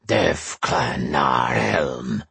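Brute barbarian for an audiobook, gravelly and very deep, slow broken bellowing words, husky. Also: male voice, lively intonation, sharp tone, no echo, heavily acted. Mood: fierce. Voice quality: rough, gravelly. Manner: slow, broken, halting speech. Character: gravel-voiced hulking male barbarian warrior.

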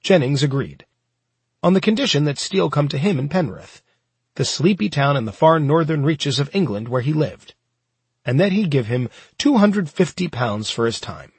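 A man narrates a nonfiction audiobook in a very husky, breathy voice, his pitch rising and falling with lively movement. He keeps a steady, measured storytelling pace. The recording is close and dry, with no room sound around him. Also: no room sound.

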